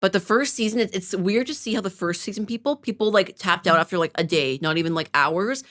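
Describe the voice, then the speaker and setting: A woman's voice: mid-range voice, fast talker, fairly bright tone. A woman co-hosting a podcast in casual chat, rambling with lots of fillers and casual swearing. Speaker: podcast co-host.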